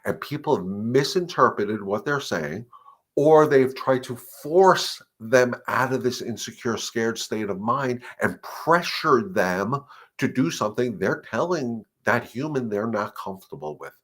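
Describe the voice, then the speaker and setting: A man's voice: medium pitch, animated, a bit bright. A middle-aged man, a dog trainer hosting a live question-and-answer session, talking earnestly and emphatically and repeating his points. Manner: earnest and emphatic, repeating points, acting out dogs and owners in quick asides. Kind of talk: live-stream advice talk.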